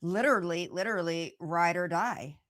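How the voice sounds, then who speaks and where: A woman's voice: fairly low pitch, moderate pace, fairly bright tone, dry recording. A woman hosting a casual chat, speaking in a sympathetic, conversational way.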